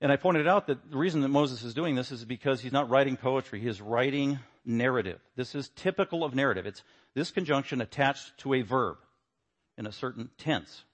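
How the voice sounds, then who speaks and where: A man teaching a Bible lesson, stressing words and swinging between quiet asides and louder points. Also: medium pitch, brisk.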